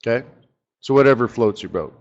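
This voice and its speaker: A man's voice: mid-range voice, fairly quick, muffled recording. A man running a live forex strategy session, talking casually and rambling, often asking his audience rhetorical questions.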